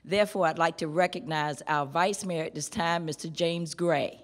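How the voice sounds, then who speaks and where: A woman from a school board giving a measured, emphatic formal speech at a ceremony. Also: low-pitched, background noise. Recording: reverberant hall.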